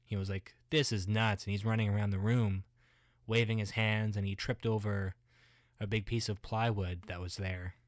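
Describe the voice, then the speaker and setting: A man playing a muddled everyday guy who rambles haltingly, full of restarts and filler words. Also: lowish voice, level tone, no room sound, clean studio sound, close to an everyday voice.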